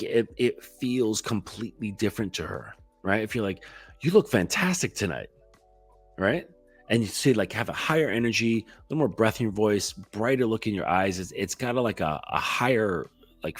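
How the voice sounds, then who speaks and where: A man with a very low voice gives a loose, casual coaching talk, his pitch swinging widely as he explains. He keeps checking in with "right?" and swears casually. The sound is dry and close, with faint music underneath. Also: no echo. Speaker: dating coach.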